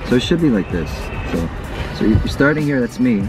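A man's voice: medium pitch, animated, fairly quick, far from the mic, music in the background, poor audio. A male actor talking through a scene in a car, thinking aloud as he works out the camera moves. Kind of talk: casual rehearsal talk. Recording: voice a bit off mic.

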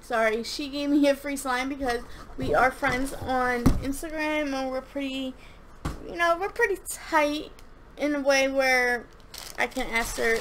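A woman's voice: high voice, unhurried, background noise. Gushing, rambling young woman reviewing slime. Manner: rambling, gushing, with many restarts and fillers. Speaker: slime reviewer and shop owner. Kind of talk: casual chatty product review.

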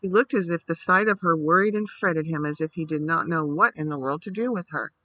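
A man reading a bedtime story aloud in a steady, measured way. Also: fairly high pitch, dry recording, muffled recording.

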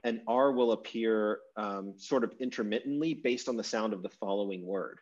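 A low-pitched man leads an online class in a loose, rambling way, full of fillers and restarts. His voice sits low and easy. The call audio is dull and lo-fi. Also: moderate pace, darkish tone. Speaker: online course teacher. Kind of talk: casual lecture over video call. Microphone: video call.

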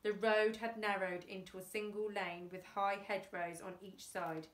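A woman's voice: mid-range voice, level tone, moderate pace, distant mic. A woman, a class teacher, reading a storybook aloud and chatting to her pupils between passages. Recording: roomy echo.

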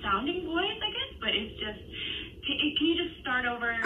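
A woman's voice: a little high, big pitch swings, normal speed, recorded from a distance. A woman on a phone call, stalling a telemarketer with hesitant fillers, constant apologies and interruptions. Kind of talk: playful prank phone call. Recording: recorded phone call in an echoey room, faint noise.

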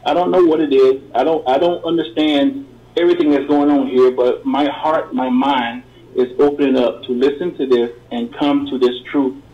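A middle-aged man calling in to a radio show, giving an earnest, halting testimony with many repeated words. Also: mid-range voice, steady tone, highs cut off. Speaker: caller. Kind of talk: call-in testimony. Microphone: phone call. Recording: roomy call-in line.

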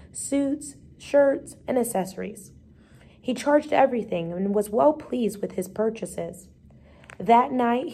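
A woman with a steady, measured delivery, reading a storybook chapter aloud. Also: mid-range voice, slightly rough. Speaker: reader.

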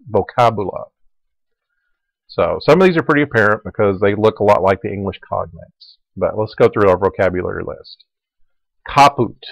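Low-voiced man teaching Latin grammar. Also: gravelly, dry recording, poor audio. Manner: relaxed explaining, repeating forms aloud. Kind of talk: recorded lecture.

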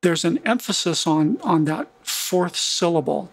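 A man teaching music production in a relaxed screen-recorded tutorial, humming rhythms to make his points. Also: on the high side, measured pace, gravelly, breathy edge.

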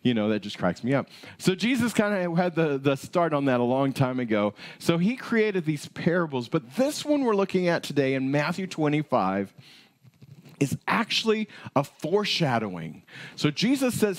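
Animated, conversational male pastor. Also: a little high, moderate pace. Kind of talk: sermon.

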